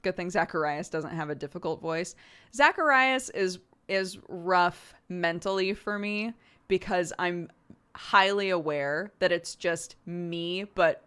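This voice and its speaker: A woman's voice: fairly low pitch, measured pace, pushed and bright, clear, resonant tone. A woman who streams and voice-acts, chatting casually with her viewers and laughing often. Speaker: streamer and voice actor. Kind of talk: casual chat answering chat.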